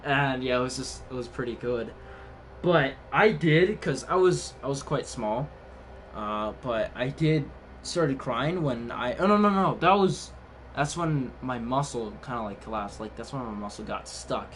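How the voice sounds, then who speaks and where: A man's voice: medium pitch, measured pace. A young man chatting casually on a live game stream, telling a story in a rambling way with many fillers and restarts. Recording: distant mic with background noise.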